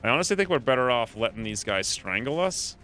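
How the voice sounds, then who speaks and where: A man's voice: medium pitch, big pitch swings, fast, bright, forceful tone, soft background music. A man giving playful live commentary while streaming a game, coining silly nicknames as he plans each move.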